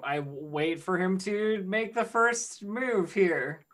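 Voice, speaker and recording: A woman's voice: medium pitch, expressive, takes it slowly, a bit bright. A woman playing a tabletop game, speaking in a hesitant way, searching for words. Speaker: player. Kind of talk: tabletop role-play chat.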